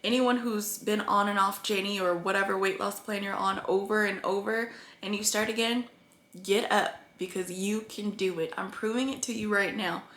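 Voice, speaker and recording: Bright-voiced woman vlogging in an echoey room. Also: mid-range voice, steady tone, moderate pace. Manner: earnest, rambling, tearful at times. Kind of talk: emotional weight-loss vlog.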